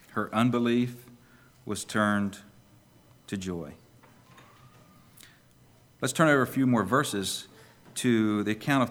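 A man's voice: on the low side, fairly bright tone. A male pastor preaching a sermon emphatically and putting questions to the congregation.

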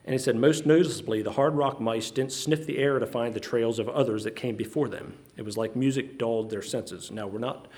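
A man preaching a sermon, earnest and halting, often restarting his sentences. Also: medium pitch, fairly even intonation, a little mellow.

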